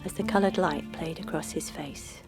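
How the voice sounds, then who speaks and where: Low-voiced woman reading a storybook. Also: normal speed. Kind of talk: storybook narration. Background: music.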